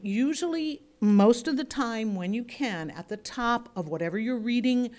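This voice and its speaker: Woman from the US, workshop instructor; conversational and demonstrative, plays with pace and pitch to make points. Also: a little mellow. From United States. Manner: chatty, demonstrative, shifts pace and inflection to illustrate points. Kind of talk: workshop lecture to a group.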